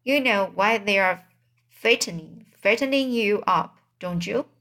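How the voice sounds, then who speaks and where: A blunt old sheep, as a woman reads her, snappish and matter-of-fact. She delivers grim news slowly in a storybook reading. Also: mid-range voice, a bit bright.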